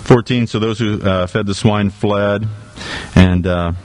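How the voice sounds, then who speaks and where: A man's voice: on the low side, fairly even intonation, a little slow, a little mellow, slight background noise. A man preaching a sermon in a church, talking through a scripture passage in a conversational, emphatic way with casual asides. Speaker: pastor.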